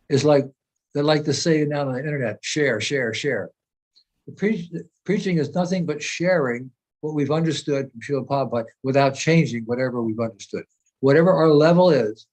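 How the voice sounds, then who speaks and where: A man's voice: fairly high pitch, darkish tone. Earnest man explaining spiritual ideas. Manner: earnest, explanatory, repeats phrases while searching for words. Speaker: spiritual teacher. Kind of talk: informal spiritual discussion in a meeting.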